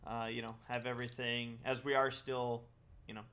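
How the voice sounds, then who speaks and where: A man's voice: mid-range voice, level tone, moderate pace, pushed and bright, smooth. A man co-hosting a podcast in casual chat, rambling and laughing often. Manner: rambling, laughs often, eating while talking. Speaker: podcast co-host.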